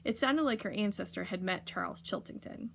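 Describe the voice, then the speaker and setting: A woman reading a children's novel aloud for a library, steady with occasional slips. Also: mid-range voice, brisk, creaky, slight background noise. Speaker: library reader.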